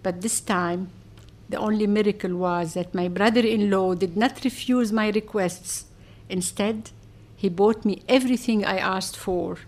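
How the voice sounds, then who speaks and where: A woman reads a first-person story aloud at a measured pace. Her middle-pitched voice carries wry asides through the narration. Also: fairly even intonation, darkish tone. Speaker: audiobook narrator.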